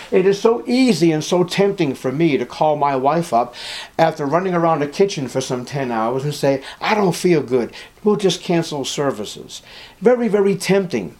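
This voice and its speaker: A middle-aged pastor preaches a sermon with impassioned delivery, using dramatic pauses and reading scripture aloud. His voice is a little high and a little mellow.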